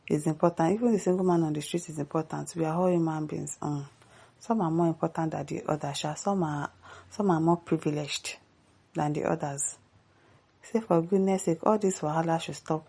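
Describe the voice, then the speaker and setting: A Nigerian woman's deep, husky voice carries a dark, mellow tone with some gravel at the ends of phrases. She talks in a casual, sarcastic commentary style, reading viewer comments and scolding with pointed asides.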